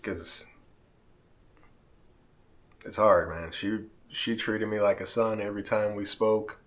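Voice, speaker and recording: Deep-voiced man fighting back tears. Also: steady tone, slow. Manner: emotional, heartfelt, repeats "man", holding back tears. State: near tears. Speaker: vlogger. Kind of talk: emotional direct-to-camera vlog.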